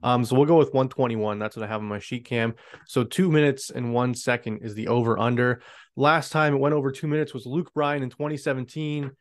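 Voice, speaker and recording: Guy hosting a betting podcast, talks super fast, brisk and casual. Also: mid-range voice, fairly even intonation. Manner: brisk, runs through the betting lines. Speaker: sports betting podcast host. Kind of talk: casual chat.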